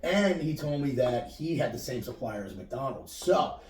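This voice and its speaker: A man's voice: medium pitch, expressive, moderate pace, a little mellow, echoey room, far from the mic. A man co-hosting a podcast, telling crude, joking, nostalgic stories in casual chat. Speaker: podcast co-host.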